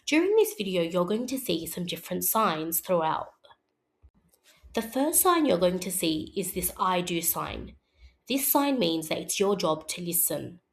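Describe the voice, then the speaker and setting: A woman teaching an early-years phonics lesson, speaking slowly and clearly in an encouraging classroom manner. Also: lowish voice.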